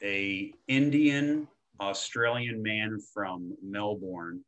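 A man from Florida, a men's coach, talking in an energetic, slangy way with casual swearing in a relaxed podcast chat. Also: lowish voice, very slow, muffled recording. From Tampa, Florida.

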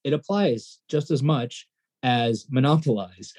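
A male podcast co-host with a mellow, slightly husky voice talks in loose, casual banter. He rambles and gets excitable, and his pitch climbs when he's fired up. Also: a little slow.

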